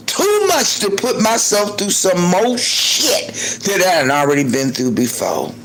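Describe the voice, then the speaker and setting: Older man, fairly high voice, profane heated rant, loud to muttering. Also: big pitch swings, measured pace, few pauses, slight background noise. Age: 60s. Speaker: livestream host.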